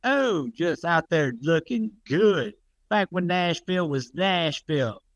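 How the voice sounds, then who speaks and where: A man's voice: on the high side, expressive, takes it slowly, no room sound. A man co-hosting a podcast, talking wistfully and profanely in casual chat. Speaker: podcast co-host.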